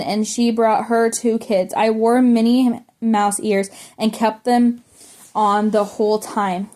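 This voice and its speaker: A woman's voice: medium pitch, darkish tone. Woman reading a memoir, stumbling often. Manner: stumbles and restarts words while reading. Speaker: audiobook reader.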